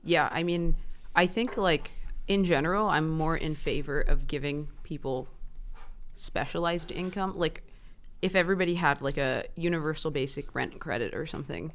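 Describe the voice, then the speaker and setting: A man co-hosting a live tech news show, chiming in with quick, wry quips during a casual commentary. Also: fairly high pitch, a bit bright. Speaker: co-host.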